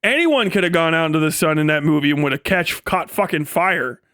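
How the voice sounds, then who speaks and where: A man's voice: a little high, lively intonation, fairly quick, a bit bright, no echo, clean studio sound. A male streamer on a rambling, profane comedic rant, often breaking into laughter.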